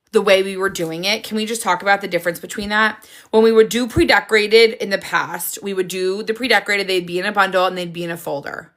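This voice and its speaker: A woman hosting a casual live stream, chatty and excitable, jumping from idea to idea with frequent laughs. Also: medium pitch. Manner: excitable, jumps between ideas, frequent laughs.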